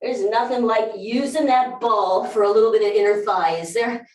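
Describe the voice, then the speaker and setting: Speaking at normal speed in a fairly high voice, a Southern US woman leads a live barre workout. She counts and whoops in upbeat fashion, captured from a distance with a roomy sound.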